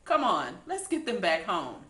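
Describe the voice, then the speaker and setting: A woman's voice: fairly low pitch, wildly swooping pitch, measured pace, bright, forceful tone, echoey room, heavily acted. A woman voicing a friendly, easygoing farmer man in a read-aloud storybook. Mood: cheerful.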